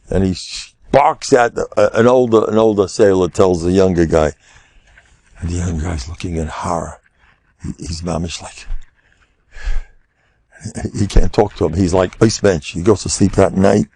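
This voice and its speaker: An older man, teaching a class as a rabbi. His gravelly, fairly low voice swings widely as he acts out characters and laughs through his stories. The sound is dry and close. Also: normal speed, no room sound. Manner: animated, acts out quotes in raised voices, laughs often. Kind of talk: lively storytelling lecture.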